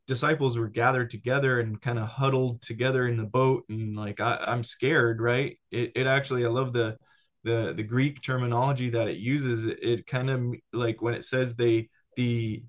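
A man who has a child, teaching casually about discipleship in an animated way, often restarting and checking in with "right?". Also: mid-range voice, moderate pace. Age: adult with a child.

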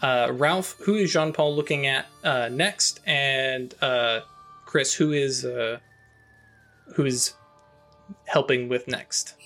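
A man running a tabletop game over a voice call, talking slowly with lots of fillers and restarts. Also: mid-range voice, fairly bright tone, soft background music. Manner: slow, halting, many fillers and restarts. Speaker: game master.

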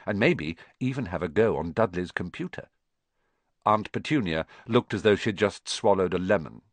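A man narrates a storybook in an expressive, measured reading. His somewhat low voice moves with lively pitch. The recording is close and dry. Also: no room sound. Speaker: audiobook narrator.

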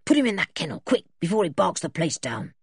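A woman voicing a male kidnapper in a storybook reading, speaking in a low, hurried voice. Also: very animated, breathy edge, no echo, clean studio sound, full character voice. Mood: urgent.

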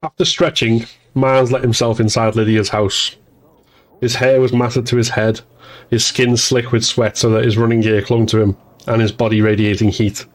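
A man narrating an audiobook in an even, measured storytelling voice. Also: medium pitch.

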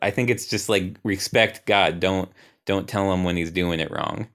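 A man narrating an improvised role-play game, halting and restarting as he goes. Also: sits low, steady tone, fairly bright tone.

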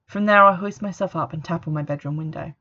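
A woman reading a first-person story as narrator, in a steady, even manner, on a dull lo-fi recording. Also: fairly low pitch, fast talker. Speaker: audiobook narrator.

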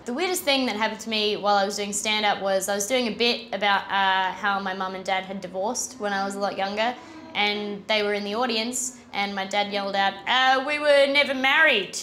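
A woman's voice: medium pitch, steady tone, fairly quick, a bit bright, slight background noise. Dry young Australian woman. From Australia (Adelaide). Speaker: comedian.

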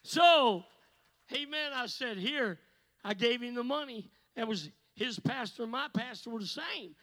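Revival preacher, man, very high bright voice, hushed asides then shouting. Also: lively intonation, measured pace, poor audio. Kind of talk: revival sermon.

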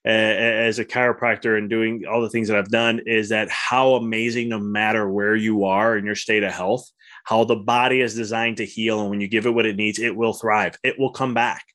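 A man's voice: lowish voice, little pitch movement, moderate pace, fairly bright tone. A man hosting a podcast, talking in an enthusiastic, rambling way with many restarts. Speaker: podcast host, chiropractor. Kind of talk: casual interview chat.

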